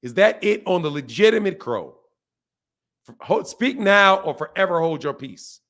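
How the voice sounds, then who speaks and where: A man's voice: sits high, sing-song, unhurried, a bit bright. A retired man from Omaha hosting a casual boxing livestream, talking loosely with lots of slang, laughing and answering chat. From Omaha, United States. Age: older.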